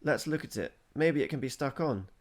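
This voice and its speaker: A man's voice: mid-range voice, lively intonation, moderate pace, pitched above the performer's own voice, natural voice. A man voicing a bold, bossy seven-year-old girl who talks imperiously, in a storybook reading. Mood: practical. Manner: imperious, challenging.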